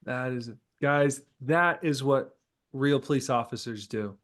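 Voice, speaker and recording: Male podcast host with middling pitch. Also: unhurried. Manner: laughs along, addresses the audience as guys. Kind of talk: casual interview.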